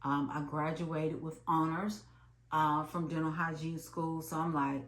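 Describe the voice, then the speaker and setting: A woman in her late thirties telling an emphatic, animated story about her job in a vlog. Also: low-pitched, a little slow. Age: late 30s. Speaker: vlogger. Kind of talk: storytime monologue. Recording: echoey room.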